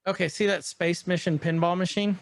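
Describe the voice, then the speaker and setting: Man, slightly high voice, podcast co-host, casual excited chat, rambling recap. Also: dry recording. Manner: excited, rambling, retells scenes while pausing the show.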